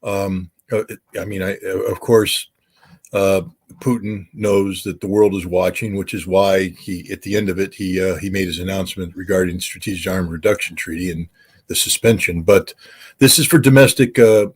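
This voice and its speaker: A man's voice: low-pitched, fairly even intonation, moderate pace, husky. An American man, a former weapons inspector, giving interview commentary, emphatic with many fillers and restarts.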